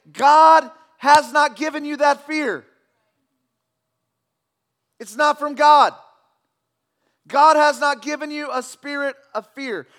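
A man's voice: extremely high pitch, fairly bright tone. A middle-aged male pastor preaching a sermon, earnest and repetitive, building to emphatic declarations.

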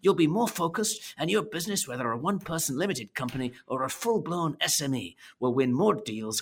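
A man's voice: creaky, pushed and bright, slightly rough, full character voice. A man putting on a Scottish accent as a business coach reading a salesy advert. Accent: Scottish, put on. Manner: salesy, earnest pitch.

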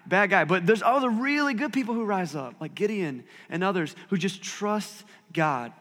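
High-voiced pastor preaching in a reverberant hall. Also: male voice, animated, normal speed, fairly bright tone. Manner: conversational, self-deprecating asides. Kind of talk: sermon.

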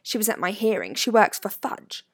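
A woman's voice: sing-song, moderate pace. A woman voicing an earnest, guarded teenage boy wizard in a storybook reading, speaking firmly. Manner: firm, low-key delivery.

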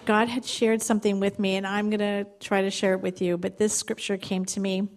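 Woman giving a lively devotional talk. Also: mid-range voice. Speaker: guest speaker. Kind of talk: devotional talk with scripture reading.

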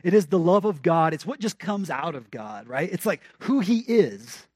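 A man delivering a sermon in a conversational yet emphatic way, with questions thrown at the congregation and phrases repeated for weight. His voice sits high for a man. The sound is close and dry, with no room echo. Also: expressive, moderate pace, a little mellow, slightly rough. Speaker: pastor.

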